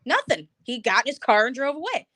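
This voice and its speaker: A young woman co-hosting a live stream, telling blunt, animated stories in casual chat and acting out the people she quotes. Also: high-pitched, brisk, a crowd in the background. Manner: blunt, animated storyteller who acts out quotes.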